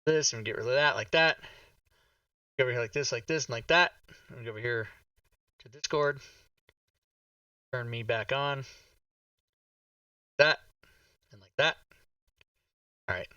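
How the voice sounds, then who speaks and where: A man's voice: mid-range voice, normal speed, pauses often, sharp tone, no room sound, far from the mic. A man hosting a live tabletop game stream, talking to himself while fixing his setup and swearing under his breath. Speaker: game master. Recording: dull lo-fi mic, slightly off-mic.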